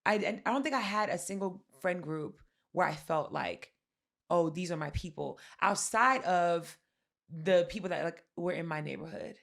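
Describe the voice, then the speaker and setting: Casual, gravelly-voiced woman co-host. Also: fairly low pitch, normal speed, a bit bright. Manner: candid storytelling, heavy filler "like", swears freely. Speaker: podcast co-host. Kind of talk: casual chat.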